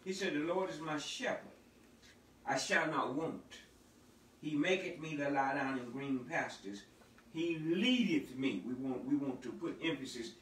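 High, bright-voiced preaching pastor. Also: male voice, animated, measured pace, reverberant, recorded from a distance, slight background noise, rough recording. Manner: builds from quiet prayer to shouted preaching. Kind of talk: sermon.

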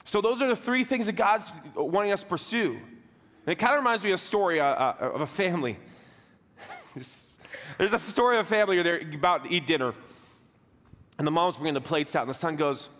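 A man preaches a Sunday sermon in a relaxed, joking way, slipping into quoted voices to act out everyday scenes. His voice sits notably high for a man. The sound carries a long reverb from a large church hall. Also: fairly quick. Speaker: pastor. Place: church sanctuary.

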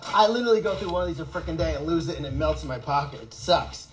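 A man running an animal sanctuary, chatting excitedly and rambling with lots of laughter in a casual fundraising video outdoors. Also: fairly high pitch, fast, poor audio. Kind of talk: casual fundraising vlog chat.

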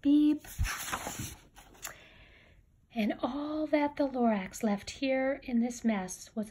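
A woman's voice: high-pitched, slow, pauses often, dark tone, a little hiss or hum. A woman reading a rhyming picture book aloud with a rhythmic storybook delivery. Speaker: reader.

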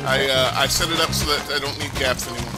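A man's voice: mid-range voice, steady tone, fast. A man hosting a let's play, chatting casually over his gameplay in a rambling, joking, self-mocking way. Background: background music.

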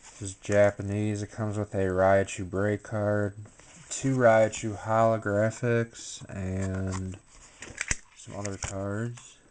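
Sleepy low-voiced man, flat and slow. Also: slight background noise. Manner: low-key, unhurried commentary with filler words. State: tired and sleepy. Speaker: YouTuber opening a card pack. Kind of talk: casual unboxing vlog.

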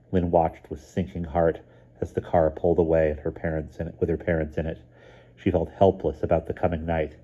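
A man reading a chapter aloud in a calm, even way. His voice is deep and very mellow, and the recording sounds dull and lo-fi. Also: fairly quick. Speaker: reader. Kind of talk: storybook narration.

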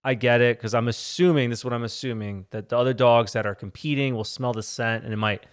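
A young man co-hosting a podcast, telling stories animatedly with jokes and quick restarts. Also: mid-range voice. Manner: animated storyteller, joking, stammers on restarts. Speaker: podcast co-host. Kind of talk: casual chat.

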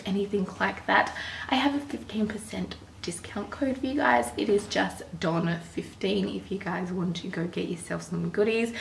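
Brief: Australian woman, 20s, mum vlogger, chatty and casual, a bit of fry in the voice, recorded on a distant camera mic with room echo and background noise. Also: medium pitch. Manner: chatty, keeps addressing viewers as "you guys". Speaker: vlogger, stay-at-home mum. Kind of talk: casual chatty vlog talk to viewers. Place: at home, indoors and in the backyard.

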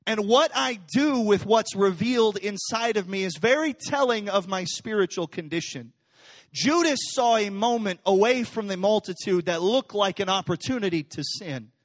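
A male pastor preaching a sermon in a church, animated and conversational, swinging between loud, intense passages and hushed, soft ones. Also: high voice, normal speed. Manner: casual, conversational phrasing with fillers. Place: church sanctuary.

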